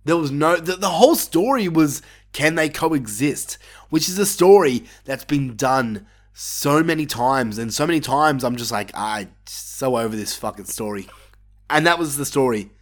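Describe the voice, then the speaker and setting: Excitable sweary man reviewing wrestling. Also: on the high side, moderate pace. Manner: opinionated, swears often, excitable. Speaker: wrestling podcast host. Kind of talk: casual review monologue.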